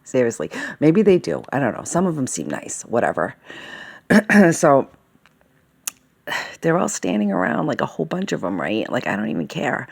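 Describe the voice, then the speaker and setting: A woman's voice: extremely low pitch, sing-song, moderate pace, creaky, pauses often, husky. A woman rambling agitatedly in a casual monologue, swearing often and checking in with "okay?" and "all right?". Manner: fillers and self-interruptions, asks "okay?" and "all right?". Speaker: vlogger.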